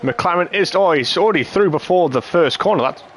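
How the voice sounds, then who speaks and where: A man commentating on an online racing league, chatty and jokey, and he builds up excitement at the start. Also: high-pitched, a little fast, slight background noise. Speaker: lead sim racing commentator. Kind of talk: race commentary.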